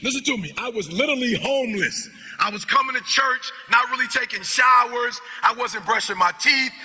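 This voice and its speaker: A middle-aged man from Detroit giving a passionate live motivational speech on a summit stage, building to shouts and repeated phrases. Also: extremely high pitch, fairly quick, slightly rough, big-room sound. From Detroit, USA. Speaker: motivational speaker.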